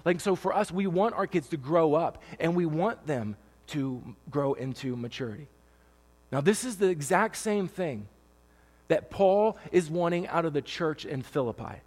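High-voiced emotional pastor in a reverberant hall. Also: male voice, lively intonation, normal speed, darkish tone, slightly rough. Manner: conversational and emotional, with frequent fillers and restarts. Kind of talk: sermon. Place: church stage with long reverb.

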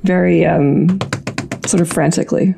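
A woman's voice: fairly low pitch, steady tone, normal speed, creaky, mellow. A woman playing a tabletop game, speaking hesitantly and thoughtfully. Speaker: player. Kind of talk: casual tabletop game play.

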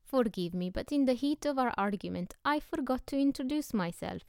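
A woman reading the lines of a mysterious foreign male professor, grave and courteous in an unhurried way. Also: mid-range voice, animated, smooth, no room sound, clean studio sound, close to an everyday voice. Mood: composed.

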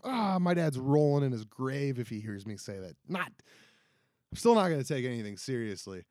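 Rambling young man, lively pitch. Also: moderate pace, no room sound, clean studio sound. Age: 20s. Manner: rambling, self-deprecating, frequent restarts and "right?". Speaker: podcast host. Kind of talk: casual solo podcast rant. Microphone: close podcast mic.

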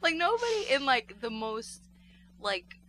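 A woman's voice: sits high, sing-song, unhurried, fairly bright tone, slight background noise. A woman co-hosting a podcast in casual chat, talkative and laughing, often slipping into mock impressions. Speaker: podcast co-host.

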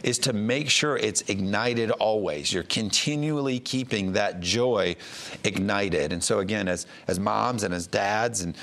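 A man's voice: fairly low pitch, fairly bright tone. A man from the United States, a pastor giving a conversational sermon, plain-spoken with frequent fillers and restarts.

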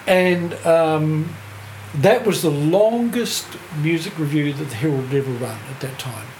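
A man's voice: a little high, unhurried, darkish tone. An older man with a New Zealand accent, a music writer telling a rambling anecdote as a podcast guest, laughing through it and swearing freely. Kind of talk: casual anecdotal storytelling. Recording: echoey room with faint hiss.

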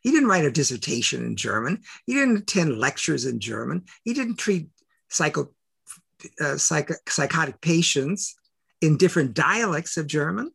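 Older man, gravelly voice, husky edge, emphatic storyteller, rhetorical questions, interview guest. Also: a little high, very animated, moderate pace, fairly bright tone. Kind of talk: animated personal storytelling.

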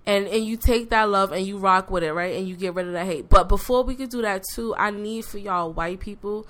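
A woman's voice: medium pitch, brisk, fairly bright tone. Woman host preaching passionately to listeners. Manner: impassioned, preaching, repetitive address to listeners. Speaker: podcast host. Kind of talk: casual podcast chat.

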